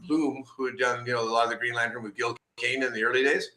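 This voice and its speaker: A middle-aged man, a comic book artist, telling stories in a casual interview, animated and laughing often as he acts out the people he quotes. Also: medium pitch, fast.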